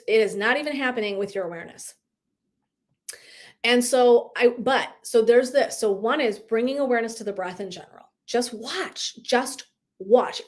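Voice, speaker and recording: Woman in her thirties, wellness coach, live-stream chat, animated, casual swearing, laughs. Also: fairly high pitch.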